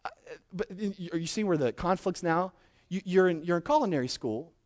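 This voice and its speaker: A man's voice: high-pitched, lively intonation, moderate pace. A young man preaching a sermon, telling a story with many restarts and building to emphatic points. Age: young adult.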